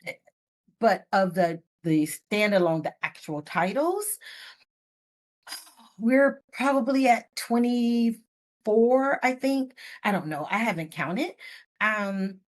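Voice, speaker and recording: A middle-aged woman author telling stories in a podcast interview, expressive and playful with asides. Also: mid-range voice, slow pace, long pauses. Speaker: guest author. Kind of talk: podcast interview, casual storytelling.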